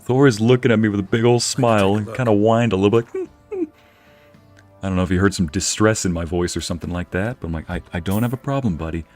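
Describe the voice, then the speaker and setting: A man's voice: on the low side, fast, darkish tone, faint music behind. A young man casually commenting on a game he is playing, joking and laughing often. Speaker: streamer narrating a game playthrough.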